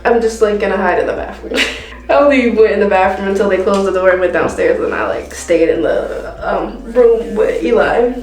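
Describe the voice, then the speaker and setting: A young woman vlogger casually telling a story while doing her hair, slangy and animated, acting out what people said. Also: mid-range voice, moderate pace. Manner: slangy, animated retelling with quoted dialogue and laughs. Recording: echoey room.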